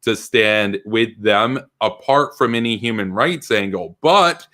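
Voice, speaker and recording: Emphatic low-voiced man debating. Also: measured pace, bright, forceful tone. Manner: emphatic, with frequent stuttered restarts. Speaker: host in a political debate. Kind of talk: online political debate.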